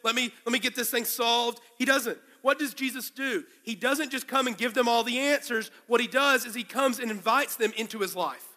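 A male pastor preaching a sermon to a congregation, telling the story with animated, acted-out quotes. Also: extremely high pitch, moderate pace, hardly any pauses, big-room sound. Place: large room with a congregation.

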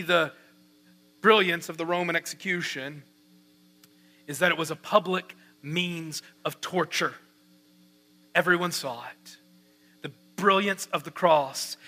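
A man's voice: a little high, bright, forceful tone. A man preaching a sermon with passion, asking repeated rhetorical questions. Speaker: pastor.

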